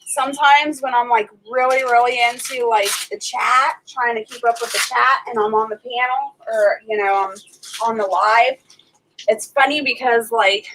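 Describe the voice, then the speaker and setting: Friendly American woman, high voice. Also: steady tone, normal speed, a bit bright, slight background noise, rough recording. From United States. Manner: friendly, laughs easily, filler-heavy. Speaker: livestream co-host. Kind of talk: casual livestream chat.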